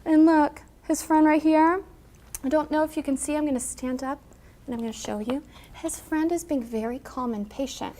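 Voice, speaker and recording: Give me a high-pitched woman teacher animatedly reading a picture book to a classroom. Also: moderate pace, a little hiss or hum. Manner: animated storyteller, acting out character lines with big loud pushes.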